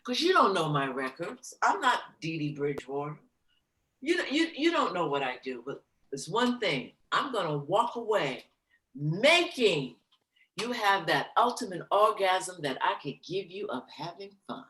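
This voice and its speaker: A woman jazz singer being interviewed, telling her stories with lively, theatrical flair and acting out the quotes. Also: on the low side, measured pace. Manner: animated, theatrical storyteller who acts out quotes. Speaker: guest, jazz vocalist. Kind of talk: casual storytelling interview. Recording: roomy echo.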